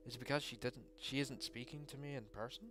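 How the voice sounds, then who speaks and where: A man's voice: medium pitch, fairly even intonation, fast, fairly bright tone. A man playing and reading aloud a visual novel, joking and teasing, swearing freely between narrated lines. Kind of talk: casual gaming commentary with narration.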